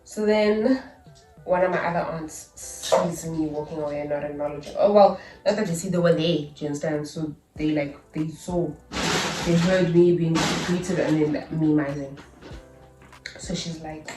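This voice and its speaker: A young South African woman telling a story in a chatty, animated vlog style, with asides and laughs. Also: sits low, moderate pace, far from the mic, soft background music. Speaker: YouTuber. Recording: echoey room, a little off-mic.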